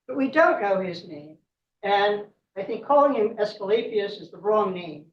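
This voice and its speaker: An older woman from the US Midwest, a guest speaker retelling a myth, chatty and digressive with wry asides. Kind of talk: storytelling lecture. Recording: roomy, distant, dull with faint rumble.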